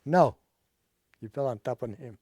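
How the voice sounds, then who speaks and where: An older man giving oral history testimony in non-native English, halting and pausing to search for words. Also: medium pitch, warm tone, dry recording, studio quality. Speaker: Holocaust survivor giving testimony.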